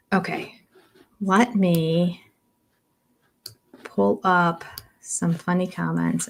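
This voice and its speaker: A woman's voice: creaky, a little mellow. An older woman hosting a livestream, chatting casually about a reality show and reading out viewer comments with frequent laughs. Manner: chatty, rambling, laughs often; coos in a high voice to her cats.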